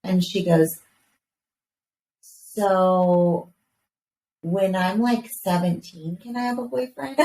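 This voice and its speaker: A woman in her thirties co-hosting a casual podcast, telling a lively story about her young kids, swearing casually and acting out their voices. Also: mid-range voice, slow pace, pauses often. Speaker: podcast co-host. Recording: roomy, distant mic with faint background hiss.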